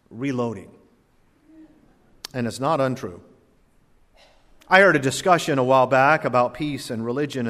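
A man preaching a sermon, swinging from loud emphasis to hushed asides and telling folksy stories. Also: medium pitch. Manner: tells folksy stories with voiced characters. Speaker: pastor. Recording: long hall reverb.

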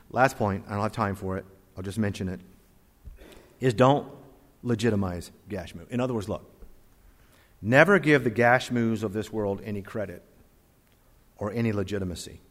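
A pastor preaching an emphatic sermon and then leading a prayer. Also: male voice, medium pitch. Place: church sanctuary. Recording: long reverb of a church hall.

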